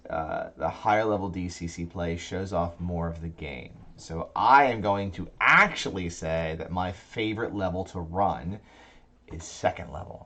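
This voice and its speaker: A man's voice: sits low, fairly bright tone. A man hosting a casual tabletop gaming podcast, rambling and restarting his sentences as he talks. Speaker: podcast host. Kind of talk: casual chat about tabletop games.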